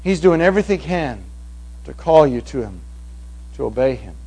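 A man preaching a sermon to a congregation, swinging from hushed passages to loud, emphatic ones. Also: mid-range voice, big pitch swings, normal speed, breathy edge, poor audio. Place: evening meeting before a congregation.

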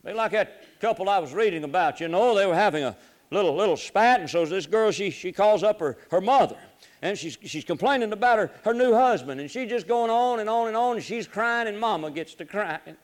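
A man preaching a folksy sermon, swinging between loud urging and low, quiet asides. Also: lively intonation, fairly quick. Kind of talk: sermon on marriage.

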